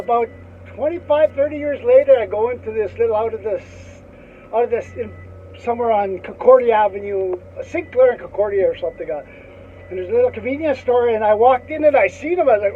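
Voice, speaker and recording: A man's voice: high-pitched, fairly quick, slight background noise. Canadian guy rambling thru an old school story, laughs a lot, says eh constantly, sounds like a tinny phone line. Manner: rambling, chuckling, tags lines with "eh". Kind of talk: casual anecdote.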